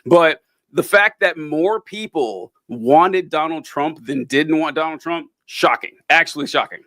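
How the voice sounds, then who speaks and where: Casting: male podcast co-host, higher voice, dry close sound, incredulous. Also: a little slow, a bit bright, no room sound. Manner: incredulous, laughing often. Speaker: political commentator. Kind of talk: casual political chat.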